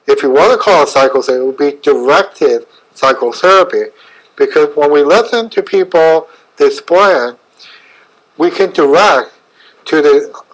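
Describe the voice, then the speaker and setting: A man's voice: a little high, fairly bright tone, low-quality recording. A middle-aged man with a slightly raised voice talks through a webinar lecture. He speaks in short, broken phrases, stopping often with fillers before pressing on. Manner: halting, fragmented phrasing with frequent fillers. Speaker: chiropractor presenting a webinar.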